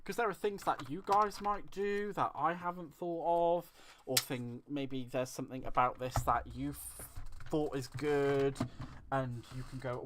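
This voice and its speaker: A man's voice: mid-range voice, measured pace, a little hiss or hum. Chatty man hosting a craft stream. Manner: chatty, rambling, self-deprecating, reads and answers chat. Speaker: crafting livestream host. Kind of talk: casual live-stream chat while crafting.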